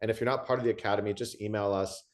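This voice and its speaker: Low-voiced enthusiastic male host. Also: steady tone, rapid-fire. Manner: enthusiastic, storytelling, many restarts. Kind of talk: conversational interview.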